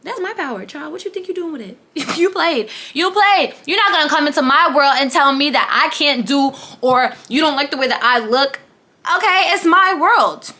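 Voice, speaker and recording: Bright high-voiced young woman vlogger. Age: 20s. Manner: chatty and animated, slips into whispers and playful asides. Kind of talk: casual motivational vlog.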